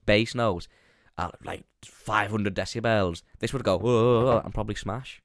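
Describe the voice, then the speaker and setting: A young man talks in a loose, joking podcast chat, often restarting his sentences. His voice sits fairly low. The sound is close and dry, with no room around it. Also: steady tone, normal speed, fairly bright tone, dry recording. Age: young adult. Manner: rambling, jokey, restarts often. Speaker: podcast co-host. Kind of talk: casual chat.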